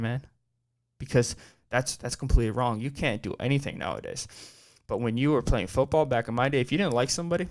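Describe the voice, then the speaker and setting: Laid-back cursing young man rambling. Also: mid-range voice. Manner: rambling, profane storytelling; laid-back, says man and dude a lot. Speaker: podcast host. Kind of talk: casual chat.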